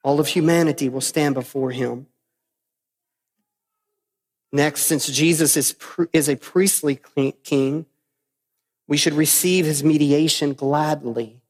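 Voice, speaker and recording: Male pastor, emphatic sermon delivery, somewhat high voice, reverberant sanctuary. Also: fairly even intonation, slow, pauses often, darkish tone. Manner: emphatic, repeats phrases for stress.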